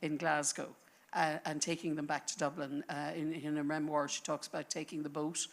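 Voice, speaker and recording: A woman speaking on a panel, telling a history as a story in an animated, thinking-aloud way. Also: deep voice, moderate pace, gravelly. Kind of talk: conversational panel talk. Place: lecture panel before an audience.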